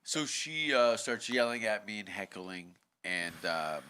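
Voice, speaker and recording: Loud profane comedian with a bright voice. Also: male voice, fairly low pitch, lively intonation, measured pace, slight background noise. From Canada. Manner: profane, shouts out heckler exchanges in loud acted bursts. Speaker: comedian guest. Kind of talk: casual podcast chat, crude storytelling.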